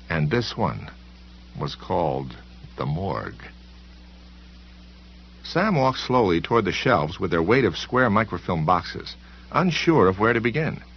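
A man reading a novel aloud as a narrator, in a measured, expressive way. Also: deep voice, gravelly. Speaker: audiobook narrator. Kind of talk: scripted narration. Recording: dull lo-fi recording.

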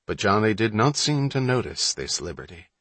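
A man narrating a story aloud in a steady, measured storytelling manner. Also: lowish voice, dry recording. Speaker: audiobook narrator. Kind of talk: scripted narration.

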